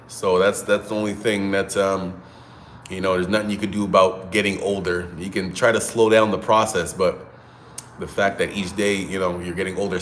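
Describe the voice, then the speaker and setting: Low-voiced man giving casual boxing talk. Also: fairly bright tone, a little hiss or hum. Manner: conversational, opinionated, thinks aloud. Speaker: boxing commentator, show host. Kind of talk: casual solo commentary.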